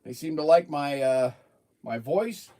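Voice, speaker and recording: A man's voice: fairly high pitch, expressive, measured pace, dark tone. A man hosting a casual livestream, rambling and joking as he reads out viewer comments. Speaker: livestream host.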